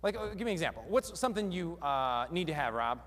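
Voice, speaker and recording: A man giving a lively live seminar talk on stage, quizzing the audience as he goes. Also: fairly high pitch, fast talker, big-room sound. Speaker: seminar speaker. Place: large hall with a live audience.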